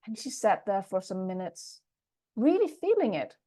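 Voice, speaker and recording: A woman's voice: mid-range voice, big pitch swings, moderate pace, warm tone. A woman project management coach giving a webinar talk, telling stories about clients she has coached. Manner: storytelling with quoted coaching dialogue.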